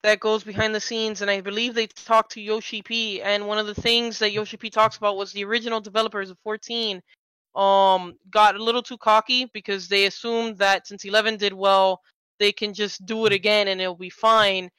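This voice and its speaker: A woman co-hosting a casual video game talk show. She talks enthusiastically, rambles, and throws in quick asides. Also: medium pitch, flat delivery, a bit bright, smooth, no room sound, poor audio. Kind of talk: casual game-discussion chat.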